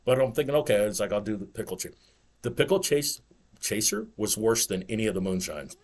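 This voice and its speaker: Fast-talking rambling male podcast host. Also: lowish voice, lively intonation, darkish tone. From United States. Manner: rambling storyteller, lots of "it's like" and laughing asides. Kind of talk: casual chat.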